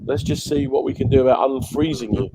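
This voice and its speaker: A man's voice: medium pitch, little pitch movement, fast, warm tone, low-quality recording. A man hosting a live online chat show, jokey and matey. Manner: jokey, matey, calls the guest mate. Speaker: radio show host.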